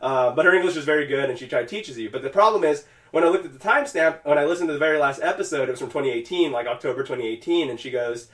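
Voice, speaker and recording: A man's voice: fairly high pitch, rapid-fire, few pauses, fairly bright tone, echoey room, recorded from a distance. A man co-hosting a podcast, casually retelling a game scene and acting out the characters' lines, swearing freely. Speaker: podcast co-host.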